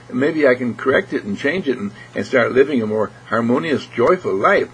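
A man's voice: medium pitch, lively intonation, moderate pace, slight background noise, poor audio. Earnest man giving a spiritual talk. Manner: earnest, repetitive, clears throat often. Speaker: spiritual speaker.

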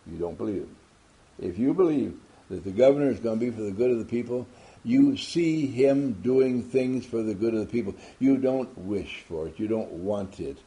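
Man giving a pep talk to a group, very dark mellow voice, keeps asking the room questions. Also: medium pitch, moderate pace. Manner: emphatic, asks rhetorical questions. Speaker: motivational speaker.

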